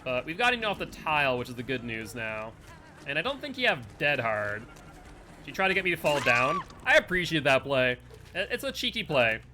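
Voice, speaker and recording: Bright-voiced chatty male streamer. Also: a little high, big pitch swings, normal speed, a little hiss or hum. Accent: Northeastern US. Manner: rambling, chatty, talks to chat between plays. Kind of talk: live gameplay commentary and chat.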